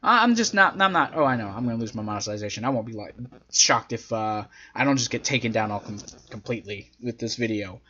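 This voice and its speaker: A man's voice: mid-range voice, expressive, fast talker, pushed and bright, dull audio. A man casually reviewing a wrestling show in a profane, exasperated rant.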